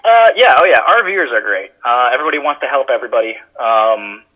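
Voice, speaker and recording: A man's voice: mid-range voice, expressive, fast, bright, forceful tone, low-quality recording. A man guesting on a podcast, telling stories in a loose, chatty way with lots of fillers and restarts. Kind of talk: casual conversational storytelling.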